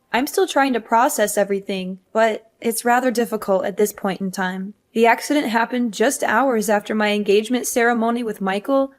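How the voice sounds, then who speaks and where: A grieving young fiancée, voiced by a woman for an animated story. She speaks earnestly and pleadingly in a fairly high voice. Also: lightly acted. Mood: sad.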